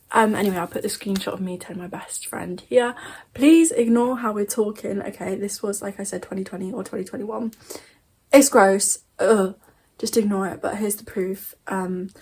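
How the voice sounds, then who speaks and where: A woman's voice: mid-range voice, a little mellow, breathy edge. A young woman in her bedroom telling a spooky story in a casual, rambling way, correcting herself as she goes. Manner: chatty, rambling, self-correcting. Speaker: vlogger. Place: bedroom at home.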